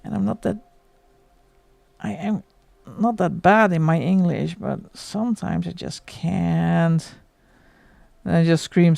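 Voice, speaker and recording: A woman's voice: on the low side, slow pace, vocal fry, pauses often, dark tone, dry recording. A Dutch woman with a Dutch accent, hosting a colouring livestream in casual chat, laughing often and muttering asides as she works. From Netherlands.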